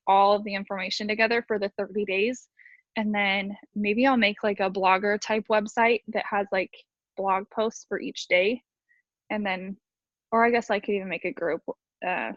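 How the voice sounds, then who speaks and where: A woman talks quickly on a video call, tumbling through her ideas with plenty of fillers as she shares sales tips with her team. The sound is dull and muffled, with no room around it. Her voice sits at a middling pitch. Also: dry recording. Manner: rambling, fast, filler-heavy. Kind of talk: casual video call talk.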